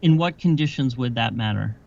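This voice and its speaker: A man's voice: mid-range voice, expressive, brisk, gravelly, a little mellow. A man as a podcast guest, making his points emphatically with chains of rhetorical questions. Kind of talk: explanatory conversation. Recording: dull dry lo-fi sound.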